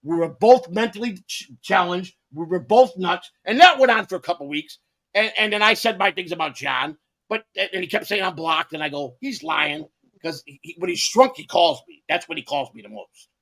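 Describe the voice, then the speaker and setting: Gravelly, rambling man telling stories. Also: high voice, moderate pace, fairly bright tone. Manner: rambling, repeats words, swears. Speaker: podcast co-host. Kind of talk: rambling casual storytelling.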